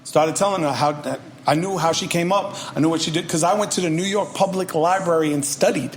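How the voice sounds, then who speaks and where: Profane, energetic storytelling man. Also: a little high, fairly quick, slight background noise. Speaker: guest rapper. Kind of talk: storytelling podcast interview.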